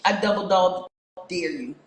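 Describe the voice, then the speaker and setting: A woman's voice: on the low side, measured pace, slight background noise. Confrontational woman ranting on a live stream. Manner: confrontational, fires repeated rhetorical questions. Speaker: livestream host. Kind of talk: casual livestream rant to viewers. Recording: echoey room.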